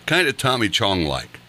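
A man's voice: on the low side, sharp tone. A man hosting a morning radio show, chatting in an easygoing way with a chuckle. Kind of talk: casual radio chat.

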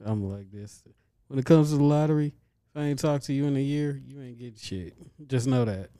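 A man's voice: medium pitch, a little fast, dark tone, smooth, no echo, studio quality. A man on a podcast as a guest, laid-back in casual chat and chiming in with short remarks.

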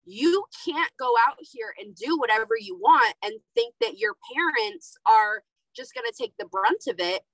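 A woman's voice: fairly high pitch, moderate pace, no echo, low-quality recording. A young adult woman hosting a podcast, telling candid stories about parenting in casual chat. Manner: animated storytelling, candid. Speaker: podcast host.

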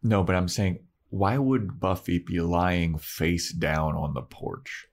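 A man's voice: deep voice, steady tone, slow. A man co-hosting a podcast, recapping an episode in casual chat and acting out the characters' lines in mock voices. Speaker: podcast co-host.

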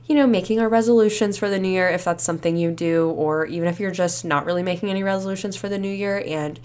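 A woman's voice: mid-range voice, quick pace, a little mellow, clear, resonant tone. A young woman hosting a solo podcast, chatty and reflective, a bit stuffy and short of breath after a cold. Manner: chatty, reflective, many fillers like "you know" and "like". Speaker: podcast host. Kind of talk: casual solo podcast talk.

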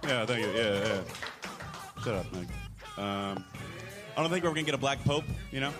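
A man's voice: lowish voice, animated, moderate pace, over music. A young man with a Philadelphia accent doing a laid-back stand-up set, mumbling and tagging lines with "you know what I'm saying". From Philadelphia area. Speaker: stand-up comedian. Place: comedy club stage.

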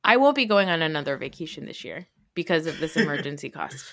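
Podcast host, woman, lowish pitch, lively storyteller who swears casually. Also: fast talker, dry recording, clean studio sound. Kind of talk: casual chat.

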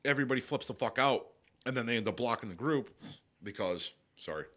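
A man co-hosting a casual live podcast, who swears freely and tells animated stories. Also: mid-range voice, fairly quick. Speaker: podcast co-host.

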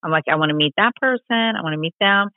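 A woman telling stories as a podcast guest, animated and chatty, acting out the voices of people she quotes. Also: medium pitch, fast, no echo. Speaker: podcast guest, long-distance motorcycle rider. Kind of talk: casual storytelling interview. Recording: tinny phone-like line, dry.

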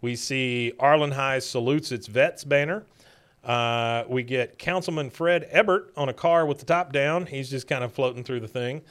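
A man's voice: medium pitch, moderate pace, a bit bright, clear, resonant tone. A man retelling a cartoon episode scene by scene in a casual chat, now and then mimicking the characters' lines. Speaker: podcast host recapping episodes.

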